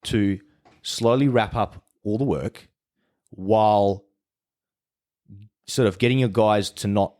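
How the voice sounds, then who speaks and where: A man's voice: on the low side, takes it slowly, long pauses, darkish tone. A man who is a podcast guest tells his story in casual chat. He swears freely and often restarts his sentences.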